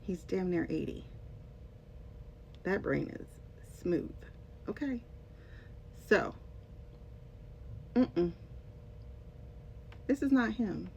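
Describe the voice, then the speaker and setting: A woman's voice: animated, extremely slow, creaky, pauses often, warm tone. A woman who used to teach English, talking to her viewers in a casual commentary vlog. She is sarcastic and emphatic and addresses her audience directly. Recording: dull lo-fi sound with faint rumble.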